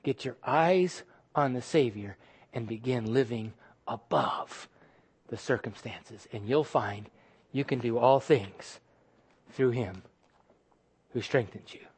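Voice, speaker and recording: A man preaching a sermon as pastor, with emphatic delivery that drops to soft, hushed phrases. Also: medium pitch, takes it slowly, long pauses, slightly rough.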